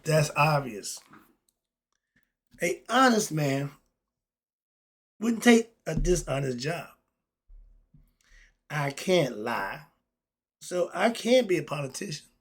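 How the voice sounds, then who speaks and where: A middle-aged man, giving a blunt, ranting opinion monologue that swings between muttering and loud outbursts. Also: fairly high pitch, sing-song, slow, pauses often, breathy edge. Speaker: commentary vlogger.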